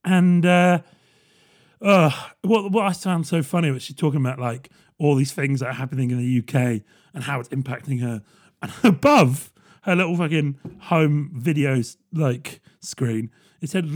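Young man, fairly high voice, sarcastic rant, swears, mocking impressions. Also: normal speed. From England. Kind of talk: casual ranting monologue.

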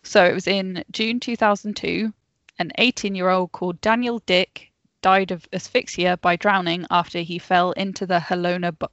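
This podcast co-host's voice is on the low side yet fairly bright, steady, and at a normal speed, with no room sound through her dull, dry lo-fi mic. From home on a remote call, she shares a true story with friends, giggly and prone to tangents.

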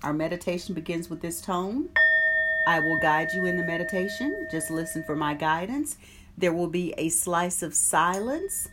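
Woman, fairly low voice, meditation group host, casual friendly chat, reads a card aloud. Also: lively intonation, moderate pace, very noisy. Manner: friendly, chatty, greets viewers by name. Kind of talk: casual live-stream chat and card reading.

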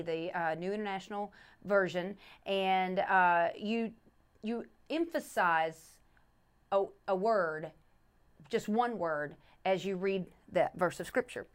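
A woman's voice: medium pitch, clean tone. Earnest middle-aged woman teaching scripture. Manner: earnest, restarts often, repeats scripture with stress on each word. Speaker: pastor's wife and podcast co-host. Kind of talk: casual faith podcast teaching.

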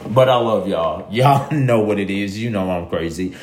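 Deep-voiced man rambling in an echoey room. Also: normal speed, slight background noise. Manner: rambling, emphatic, repeats himself, slangy. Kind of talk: casual monologue to listeners.

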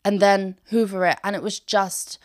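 A young woman chats on her own podcast, recorded sitting on her bedroom floor. She talks in a bubbly, oversharing way, laughs often and speaks at an ordinary middle pitch. The tone is relaxed and unscripted. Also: moderate pace. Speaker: podcast host. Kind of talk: casual chat.

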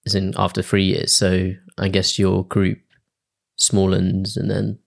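A man in his twenties hosting a casual podcast, relaxed, asking his guest questions. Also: sits low, a little slow, gravelly. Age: 20s. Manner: relaxed, asks the questions, slips into a put-on announcer voice for intros. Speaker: podcast host. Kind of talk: casual chat.

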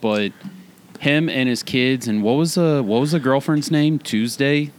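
A man's voice: medium pitch, unhurried. A man co-hosting a podcast, rambling and incredulous in casual film chat. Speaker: podcast co-host.

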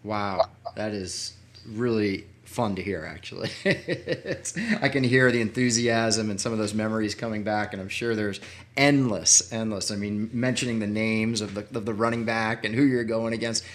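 A man's voice: fairly low pitch, steady tone, normal speed. A man from Washington, D.C., hosting a casual interview, chatty and enthusiastic in his reactions. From Washington, D.C., USA. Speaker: podcast host.

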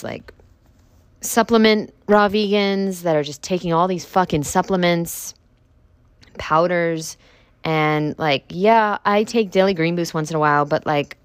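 Young woman podcaster ranting, swears a lot, says like constantly, lowish voice, dry close sound. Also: normal speed, smooth, no echo. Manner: blunt, profane, lots of "like" fillers. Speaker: podcast host. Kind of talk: casual ranting monologue. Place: home with construction noise outside.

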